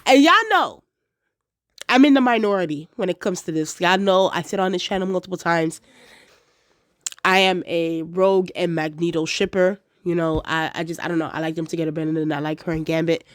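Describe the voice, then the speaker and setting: A woman in a casual episode review, chatty and animated, acting out quotes with lots of fillers. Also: fairly low pitch, a little fast. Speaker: video reviewer.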